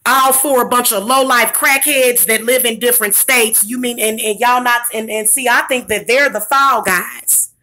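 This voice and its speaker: Bright-voiced angry woman ranting. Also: fairly high pitch, fairly even intonation, moderate pace, hardly any pauses. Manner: profane, heated venting with bursts of shouting. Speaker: vlogger.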